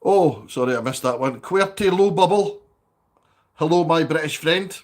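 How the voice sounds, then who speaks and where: A man's voice: fairly high pitch, animated, moderate pace. A Scottish man chatting casually on a live stream from his home, reading out viewer comments and asking for likes.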